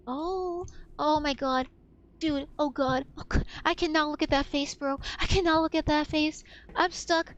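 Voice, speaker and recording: A woman's voice: high voice, steady tone, unhurried, highs cut off. A young woman streaming a game, chatting casually, swearing freely and gasping with startled laughter. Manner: swears freely, gasps oh my god, shrieks with laughter. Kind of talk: casual gaming stream chat.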